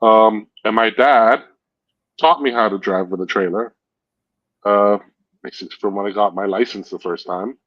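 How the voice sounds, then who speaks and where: On a stream, a man with a fairly low voice talks a little slowly, leaving long pauses between thoughts. He rambles through lengthy stories in casual chat, correcting himself and laughing at his own jokes. The recording has no room sound but a dull, lo-fi quality.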